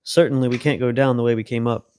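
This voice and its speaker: A man voicing a fatherly older male mouse in a storybook reading, steady and gently commanding. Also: medium pitch, quick pace, smooth, close to an everyday voice. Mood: worried.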